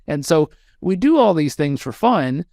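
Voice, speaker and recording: A man in his thirties, a podcast guest telling a story in an animated way and acting out the voices of the people in it. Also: a little high, measured pace, dry recording, clean studio sound.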